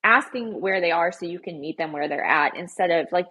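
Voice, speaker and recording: A young woman co-hosting a podcast, talking in a chatty, animated, over-explaining way. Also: on the low side, moderate pace, noisy background. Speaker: podcast co-host. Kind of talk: casual chat.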